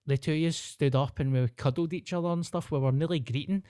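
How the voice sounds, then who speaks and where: A man's voice: a little high, fast, dark tone, clean tone, dry recording, studio quality. A man with a Glaswegian accent, a stand-up comedian telling a story in casual podcast chat, rambling, slangy and sweary. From Glasgow, Scotland.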